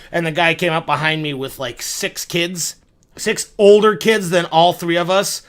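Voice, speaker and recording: A man's voice: fairly high pitch, fairly even intonation, unhurried, a bit bright, clear, resonant tone. A young man telling a rambling, profane, self-mocking story straight to his viewers. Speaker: video creator. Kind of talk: casual storytelling monologue.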